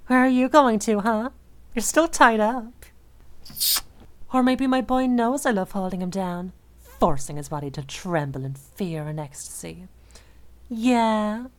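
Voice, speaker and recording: A young woman voicing an obsessive, possessive dominant woman in an audio role-play, speaking in a soft, slow, teasing murmur. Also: medium pitch, expressive, no room sound, natural voice. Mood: possessive, crooning.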